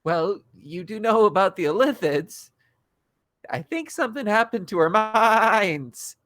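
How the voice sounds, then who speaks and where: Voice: medium pitch, animated, a little slow, fairly bright tone. Giggly, hesitant tabletop player. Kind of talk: casual tabletop role-play.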